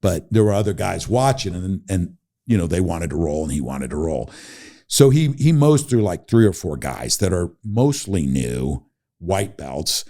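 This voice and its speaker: Animated man with a low, lively voice. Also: unhurried. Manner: animated, laughing while telling a story, acting out quoted voices. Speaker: podcast guest. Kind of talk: casual storytelling.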